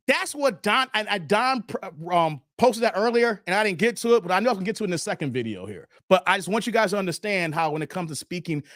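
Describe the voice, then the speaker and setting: A man's voice: high-pitched, no echo, studio quality. A man in his forties hosting a live stream, reacting to clips and talking straight to his chat viewers. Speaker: livestream host.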